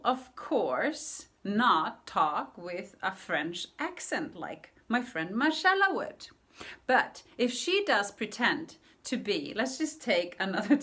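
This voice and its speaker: A woman's voice: fairly high pitch, sharp tone. A woman language coach giving friendly casual tips in a vlog lesson, repeating words and laughing lightly.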